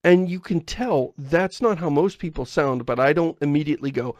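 A man's voice: on the high side, normal speed, no echo. An American man co-hosting a podcast, chatting casually and playfully about doing character voices. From United States. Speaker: podcast co-host. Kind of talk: casual chat.

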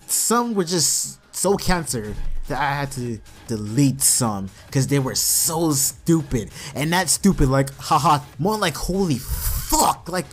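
A man YouTuber delivering a profane, mocking comedic rant to his viewers. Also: medium pitch. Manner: profane, mocking, animated ranting.

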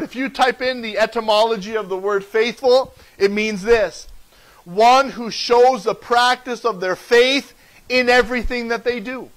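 A pastor delivers his sermon in a fairly high male voice. He preaches emphatically, repeating key phrases and swinging between loud declarations and hushed asides. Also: low-quality recording.

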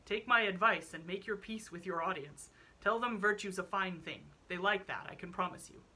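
A woman reading a blunt, hearty English baronet who exclaims loudly. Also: fairly low pitch, normal speed, breathy edge, rough recording. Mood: scoffing. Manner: loud, bluff exclamations.

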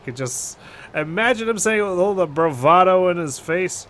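A young man commenting on his gameplay in a loose, joking way with sarcastic asides. His voice is bright and a touch high for a man. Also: animated, normal speed, slight background noise. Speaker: let's play gamer.

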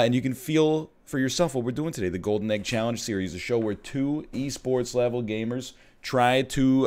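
Excitable jokey male streamer. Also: medium pitch. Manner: excitable, jokey, quick laughs. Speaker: streamer co-host. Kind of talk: casual stream chat.

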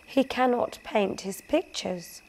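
A woman voicing a clever, practical young boy in a storybook, calm and earnest. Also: a little high, slow, vocal fry, a little hiss or hum, pitched above the performer's own voice, full character voice.

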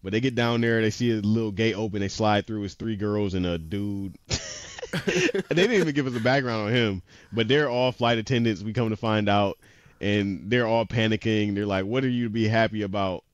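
A podcast co-host with a lowish voice casually retells an anime episode at normal speed, rambling with lots of "he was like" quotes. He laughs frequently, and there's no room sound.

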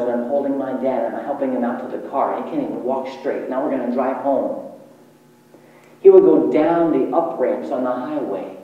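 A man's voice: mid-range voice, warm tone. A man telling his life story as a sermon testimony, in a storytelling manner with emotional swings, recorded from a distance in a large hall. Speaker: evangelist. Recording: distant echoey hall, muffled.

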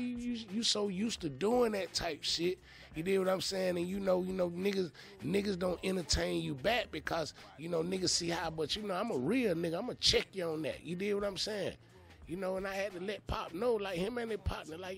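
A man hosting a podcast, telling a story in a rambling, profane, animated way, full of "you know what I'm saying" fillers. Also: high-pitched, fairly quick, creaky. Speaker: podcast host. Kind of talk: casual storytelling monologue.

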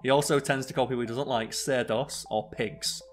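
A man's voice: mid-range voice, fairly even intonation, brisk, soft background music. A young man, co-host of a casual podcast, who rambles with many fillers and restarts. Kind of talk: casual chat.

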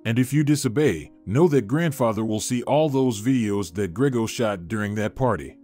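A man's voice: lowish voice, moderate pace, darkish tone, soft background music, lightly acted. A man voicing a greedy young woman who is cold and mocking toward her sister, read in a plain storybook manner. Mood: scornful.

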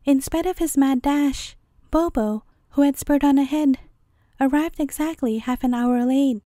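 High-voiced woman reading a bedtime story. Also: dry recording, studio quality. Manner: gentle, measured storytelling.

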